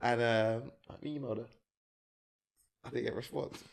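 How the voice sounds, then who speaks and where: A man's voice: mid-range voice, steady tone, moderate pace, vocal fry. Laughing man telling stories. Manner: storytelling, laughs through punchlines. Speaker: podcast co-host. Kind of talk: casual chat.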